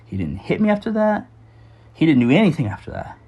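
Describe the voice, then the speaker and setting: A man's voice: a little high, sing-song, a little fast, warm tone, breathy edge, muffled recording. A man telling a candid personal story about his childhood, with frequent restarts and some swearing.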